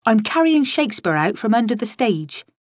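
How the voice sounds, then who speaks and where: A woman's voice: a little high, big pitch swings, moderate pace, no echo, studio quality, voice pushed up. Woman doing a breezy, evasive young man. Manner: breezy, insisting all is fine. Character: man, a breezy security officer.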